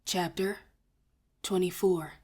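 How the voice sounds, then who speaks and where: A woman reading a first-person novel aloud in a soft, hushed way, often near a whisper. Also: lowish voice, fairly even intonation, slow pace, husky. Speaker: audiobook reader. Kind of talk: first-person audiobook narration.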